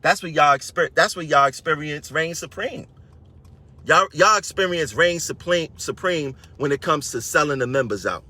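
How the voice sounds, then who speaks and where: A man's voice: fairly high pitch, normal speed, bright, forceful tone. A man, a transit union member, ranting on a live stream to his viewers in a combative way and repeating phrases for emphasis.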